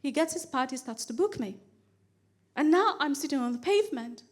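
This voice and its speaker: A woman comedian performing stand-up on stage, telling a long story with animated delivery and comic repetition. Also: high-pitched, a little fast. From Kenya. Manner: animated, repeats phrases for comic build, acts out pleading quotes.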